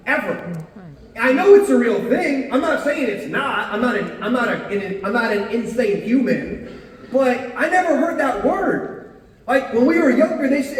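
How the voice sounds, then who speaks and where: A man giving an energetic, punchy motivational talk to a live audience and drawing answers from the crowd. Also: extremely high pitch. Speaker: motivational speaker. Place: large hall with a live audience. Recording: echoey hall, voice far from the mic.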